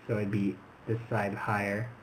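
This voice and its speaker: A man's voice: lowish voice, little pitch movement, normal speed, a little hiss or hum, rough recording. A man acting as an animation mentor, explaining a student film critique. He demonstrates as he talks and sometimes restarts his sentences.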